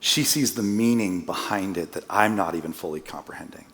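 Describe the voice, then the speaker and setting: Lower-voiced male preacher in a reverberant church. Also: brisk, a bit bright. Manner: casual, self-deprecating joking asides. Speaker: guest preacher. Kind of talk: conversational sermon storytelling. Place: church sanctuary. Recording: long church-hall reverb.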